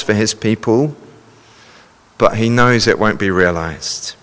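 A man's voice: fairly low pitch, takes it slowly, fairly bright tone, in a large hall. A man preaching a sermon, earnestly explaining and reading scripture passages aloud to a congregation.

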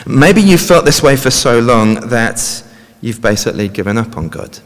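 A man's voice: mid-range voice, very animated, normal speed. Male preacher in a reverberant hall. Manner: conversational, frequent tag questions. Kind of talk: sermon. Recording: long reverb of a large hall.

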